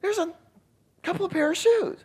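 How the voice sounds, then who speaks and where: A man doing a flustered wife caught with her shopping bags, who answers in a high, squeaky voice much higher than his own and stumbles over the same words again and again. She sounds evasive and nervous. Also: moderate pace, darkish tone.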